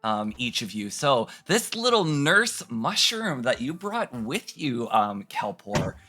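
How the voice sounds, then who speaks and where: A man narrating a tabletop game as game master, hesitant with many pauses. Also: mid-range voice, sing-song, sharp tone, soft background music. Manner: hesitant, many ums and restarts.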